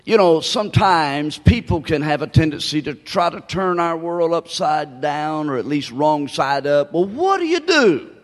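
A man preaching a sermon as pastor, telling folksy stories and drawing out his key phrases for emphasis. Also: on the high side. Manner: folksy storytelling with drawn-out emphasis. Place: church sanctuary. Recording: long reverb of a large hall.

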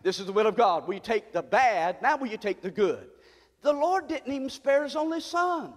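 Brief: middle-aged American male preacher, very high voice, surging from hushed to shouting, long church reverb. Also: sing-song, normal speed. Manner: swings from low murmurs to high shouted cries. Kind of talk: sermon.

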